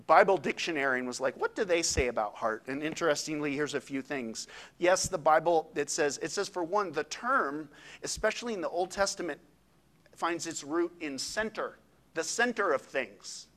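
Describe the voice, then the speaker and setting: A man, a pastor, preaching a sermon in a conversational, animated way with quick asides. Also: fairly high pitch.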